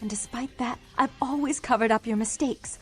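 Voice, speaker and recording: A woman's voice: fairly high pitch, moderate pace, slightly rough, soft background music. A woman voicing two feuding vampire sisters in a video game, contemptuous and dramatic. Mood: mocking.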